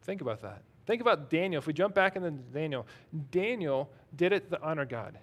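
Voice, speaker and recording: A man's voice: a little high, big pitch swings, brisk. A man preaching a sermon in a conversational, self-deprecating way, reading scripture aloud between his own remarks. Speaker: pastor.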